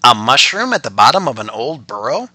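A man's voice: mid-range voice, very animated, brisk, bright, forceful tone, no room sound, full character voice. A man voicing a shy, timid female rabbit in a bedtime story, a little nervous. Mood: chatty. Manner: nervous, stammering when scared.

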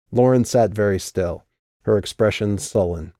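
Low male audiobook reader, mellow, dry close mic, measured delivery. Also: no echo. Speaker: audiobook narrator. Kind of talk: scripted narration.

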